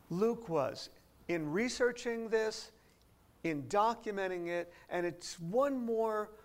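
A man preaching an expository sermon to a seated congregation, explaining scripture step by step and posing rhetorical questions. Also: high-pitched. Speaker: pastor. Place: church before a seated congregation.

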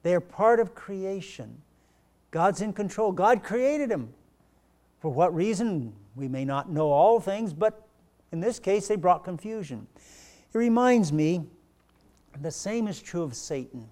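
A man preaching a sermon, telling a story and then pressing points home with slow, emphatic rhetorical questions. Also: high-pitched, dark tone.

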